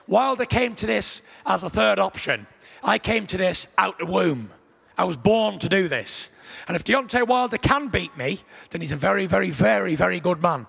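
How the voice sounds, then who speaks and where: A man's voice: high-pitched, animated, fairly quick, creaky, a bit bright, husky, long reverb tail. A man from Britain, a boxer boasting and taunting at a press conference. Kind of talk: press conference trash talk.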